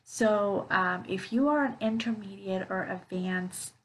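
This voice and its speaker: A woman teaching an online English lesson, explaining clearly with examples, with frequent fillers like "okay, so". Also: mid-range voice, a little slow, slight background noise, rough recording.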